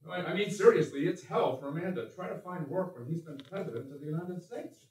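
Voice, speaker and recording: A man's voice: on the high side, a little fast, a little mellow, natural voice. An older man with a Missouri accent, playing a blunt, folksy American president in a one-man stage show. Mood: chatty. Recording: echoey stage from far off.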